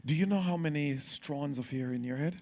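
A man preaching a sermon as pastor, swinging from quiet drawn-out lines to loud excited bursts. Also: a little high.

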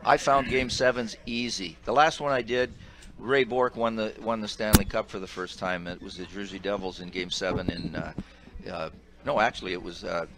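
An older man, a retired hockey referee, telling animated stories on a sports radio panel. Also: fairly low pitch, normal speed, a crowd in the background, low-quality recording. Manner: animated anecdotes with acted quotes.

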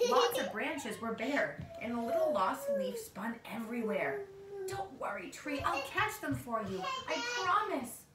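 A woman reads a picture book to a child, performing it expressively and adding asides to the listener. Her pitch is fairly high, and she was recorded from far away in an echoey, noisy room.

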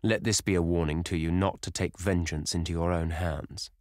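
A man voicing a frantic young gentleman who gasps and stammers in terror, then turns cold and superior, in a storybook reading. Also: low-pitched, fairly even intonation, normal speed, no room sound, clean studio sound, natural voice. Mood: stern. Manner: gasping, stammering, rising to triumphant and stern.

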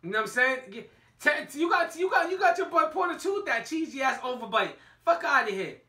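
A man co-hosting a casual boxing podcast, talking loud and profane, teasing and laughing a lot. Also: very high voice, animated, fairly quick, recorded from a distance. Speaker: podcast co-host. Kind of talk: casual banter about boxing. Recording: roomy sound from away from the mic.

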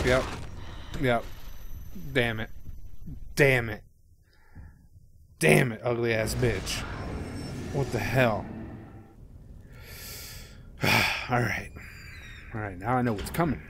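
A man's voice: medium pitch, steady tone, slow pace, vocal fry, long pauses, noisy background. A man commentating his horror game play, jumpy and profane, with panicky outbursts and out of breath at times. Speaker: gaming YouTuber.

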